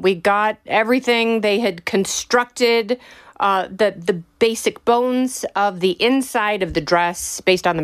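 Woman, young adult, casual storytelling, animated, laughs often. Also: medium pitch. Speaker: bride telling her wedding story.

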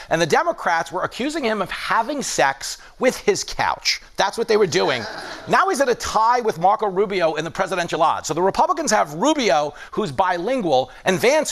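A man delivering a late-night comedy monologue, animated and mimicking people in voices. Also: high voice, creaky. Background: studio audience laughing.

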